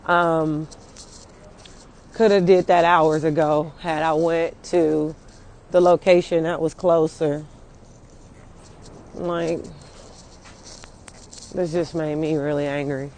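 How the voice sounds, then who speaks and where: A woman's voice: low voice, little pitch movement, slow pace, pauses often, darkish tone. A young woman venting casually and angrily on a phone livestream outdoors, swearing often and rambling with many fillers.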